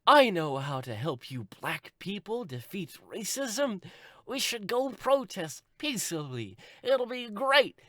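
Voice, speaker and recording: A man's voice: sits high, big pitch swings, slow, a bit bright, dry recording, clean studio sound, voice pushed up, heavily acted. A man voicing a peppy, sarcastic teenage girl heroine in a mocking, sing-song way. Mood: chirpy.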